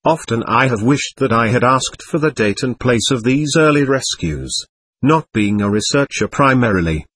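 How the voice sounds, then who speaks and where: A man reads an audiobook in a measured, earnest way. His voice is somewhat husky, with a lively rise and fall, recorded dry and close. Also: mid-range voice, dry recording. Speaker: audiobook narrator. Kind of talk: audiobook narration.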